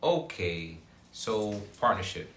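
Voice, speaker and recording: Male co-host, serious and dry-humored, lowish bright voice, echoey room. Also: sing-song, takes it slowly, slight background noise. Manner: serious, thoughtful, joking dryly. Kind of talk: casual chat.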